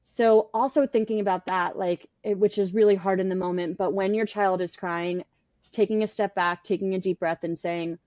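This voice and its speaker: A woman in her thirties, a baby sleep consultant being interviewed on a podcast, earnest and animated, talking in bursts with restarts. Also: medium pitch, moderate pace, no room sound, dull audio.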